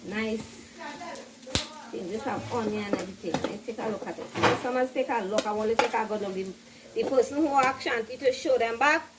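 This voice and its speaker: A woman demonstrates her home cooking in a casual, chatty way, tagging "right?" onto her sentences and calling herself by name. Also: on the high side. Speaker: home cook vlogger. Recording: distant mic, loud frying noise. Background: sizzling frying food.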